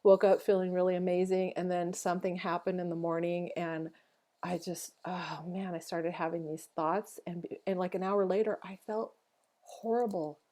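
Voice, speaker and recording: A woman's voice: lowish voice, flat delivery, normal speed, warm tone. A woman co-hosting a podcast in casual chat, reflective and chatty, acting out her own inner thoughts as she talks. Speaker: podcast co-host.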